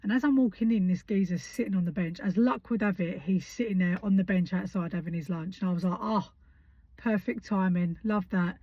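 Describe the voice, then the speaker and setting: A woman's voice: lowish voice, fast, few pauses, no room sound. A woman in her thirties tells a story bluntly, heated and swearing freely. Her voice sits close and dry, with a slightly dull, lo-fi tone. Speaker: vlogger. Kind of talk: casual storytelling. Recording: dull lo-fi sound.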